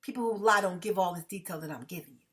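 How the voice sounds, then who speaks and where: A tired woman talking fast and emphatically to her viewers in a casual vlog monologue, often checking in with "okay?". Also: lowish voice. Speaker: vlogger.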